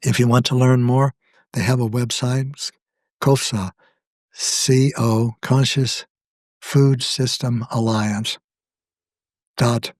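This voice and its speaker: An older man, a guest author, speaking in a slow, measured, thoughtful way in a reflective conversation. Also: mid-range voice, fairly even intonation, no room sound, clean studio sound.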